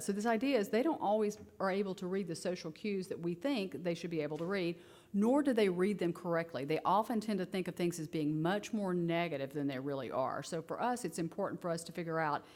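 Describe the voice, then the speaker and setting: A woman with a slightly low voice giving a research talk to an audience of parents. She speaks casually and conversationally, with lots of filler words, and she brings her points to life with lively asides. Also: brisk. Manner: animated storytelling, acting out quoted kids and herself; casual and conversational, many fillers like "you know" and "like". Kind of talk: conference talk.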